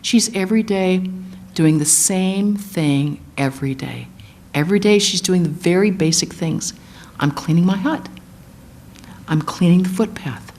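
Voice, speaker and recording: A woman giving a sermon, retelling an epic as animated storytelling and acting out the quotes. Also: on the low side, measured pace. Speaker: guest speaker, monastic.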